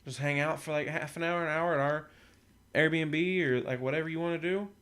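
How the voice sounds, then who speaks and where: A man's voice: fairly high pitch, fairly even intonation, brisk, fairly bright tone, smooth. A young man casually telling a long, profane story on a podcast, acting out what people said. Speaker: podcast co-host.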